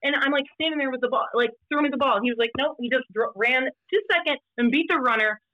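Woman, casual storytelling, animated, bright voice, dry close sound. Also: quick pace, no echo, highs cut off. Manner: animated, voice jumps high when quoting others. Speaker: podcast guest, vintage baseball player and singer.

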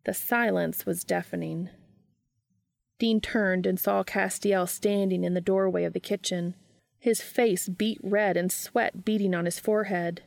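A woman reading a story aloud in a calm, even storytelling manner, close to the mic. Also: mid-range voice, gravelly, dry recording. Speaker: reader. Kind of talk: reading fan fiction aloud.

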